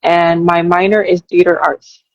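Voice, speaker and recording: A woman's voice: lowish voice, little pitch movement, measured pace, dry recording, dull audio. A young woman, a college student, answering interview questions in an earnest way, thinking aloud and restarting her sentences. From New York. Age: young adult. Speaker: interview guest.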